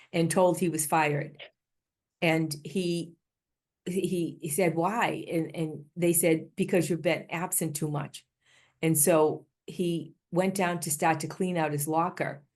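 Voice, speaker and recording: A woman's voice: on the low side, a little mellow. An older woman with a Boston accent, giving an earnest, story-driven conference keynote with frequent restarts. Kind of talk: conference talk.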